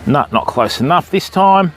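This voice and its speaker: A man's voice: animated, moderate pace, a little hiss or hum. An Australian man chatting on a live fishing stream, talking to his viewers and to dogs outdoors by the water. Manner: chatty, calls dogs in a high sing-song voice.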